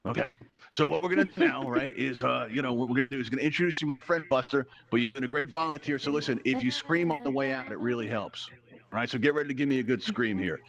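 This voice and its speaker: A man's voice: mid-range voice, quick pace, a bit bright, dull audio. A man hosting a live virtual reality game show, teasing and bantering playfully with contestants. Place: virtual reality social event.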